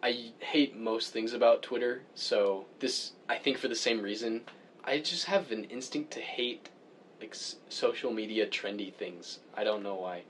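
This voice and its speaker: A man in casual chat, opinionated and animated as he grumbles about things that bother him. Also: a little slow, slight background noise. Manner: animated, pitch jumps when worked up.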